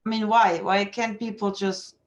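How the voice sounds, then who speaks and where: A woman guest in a casual video chat, telling stories in an animated way, swearing freely and laughing often. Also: medium pitch, normal speed. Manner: laughs often while talking.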